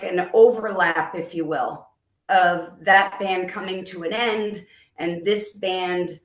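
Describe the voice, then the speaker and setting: A woman's voice: lowish voice, roomy sound. A middle-aged woman, a band musician, telling a story in an interview and acting out the dialogue she recalls. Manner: animated storyteller who acts out quoted dialogue.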